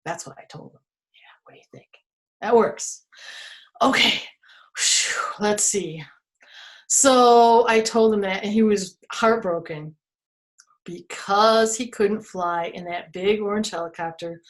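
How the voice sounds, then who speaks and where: A woman storyteller reading an interactive story to children, playful and expressive, asking her listeners questions. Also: mid-range voice, slow.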